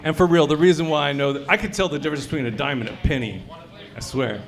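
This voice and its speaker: A man's voice: fairly high pitch, fast talker. A man performing a crude, conversational stand-up set at a brewery comedy showcase, often quizzing the crowd.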